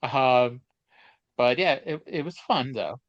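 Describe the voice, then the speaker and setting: Taking it slowly, a mid-range, expressive male co-host spins rambling, hesitant stories packed with fillers on a casual chat podcast. The audio is dry and dull with a lo-fi quality and no room sound.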